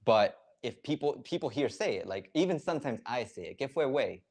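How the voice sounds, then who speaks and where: A man's voice: mid-range voice, very animated, brisk, darkish tone. A man hosting a casual live reaction stream, explaining slang in a loose, filler-heavy way. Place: lives in Ecuador.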